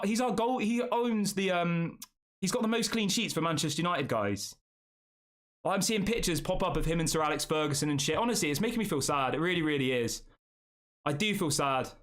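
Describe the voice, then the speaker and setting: A young man speaks to his viewers in an unscripted live-stream rant, with a voice that sits slightly high. He gets emotional and repeats himself, circling back to his points and calling the audience "guys". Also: fairly bright tone. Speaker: host of a football news channel.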